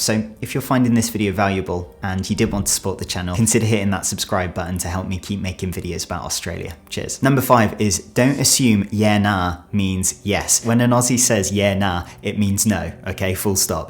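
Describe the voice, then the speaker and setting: Chatty British man, low voice. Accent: British English. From Britain. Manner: chatty, earnest, acts out little voices. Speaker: travel YouTuber. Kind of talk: direct-to-camera vlog. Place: home studio. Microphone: studio mic.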